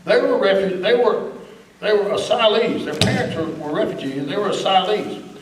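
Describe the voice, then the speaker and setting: A man's voice: sits high, moderate pace, background noise. A man giving an emphatic, indignant speech as a guest speaker at a political meeting. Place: meeting room. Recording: echoey room, recorded from a distance.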